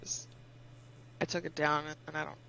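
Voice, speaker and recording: A woman telling animated stories in casual chat with friends, swearing and laughing as she goes. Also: sits low, moderate pace, gravelly, a little hiss or hum, rough recording. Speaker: storyteller among friends.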